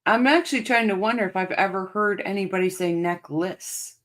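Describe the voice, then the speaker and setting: A woman's voice: mid-range voice, fairly quick, fairly bright tone. A woman hosting a casual livestream, laughing and chatting with viewers in the chat. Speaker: livestream host reading chat.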